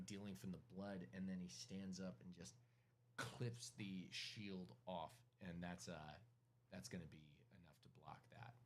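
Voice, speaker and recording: A man narrating as game master, calling dice rolls in a casual, halting way with many fillers. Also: sits low, a bit bright, a little hiss or hum.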